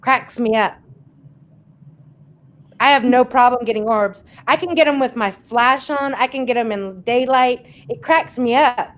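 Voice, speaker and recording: A chatty woman with a high voice hosts a casual livestream. She reads viewer comments aloud and answers them in a loose, laughing way. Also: measured pace. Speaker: host reading viewer questions.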